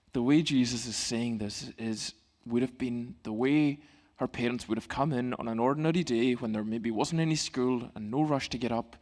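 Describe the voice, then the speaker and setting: A middle-aged male pastor giving a sermon in a church, in a calm, gentle, conversational way. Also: medium pitch.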